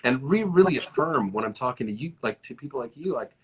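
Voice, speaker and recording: A man hosting a casual chat over a video call, telling stories animatedly and sometimes slowing down to reflect. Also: mid-range voice, dull audio, a little hiss or hum. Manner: animated storyteller, often stretching out reflective phrases. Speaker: host.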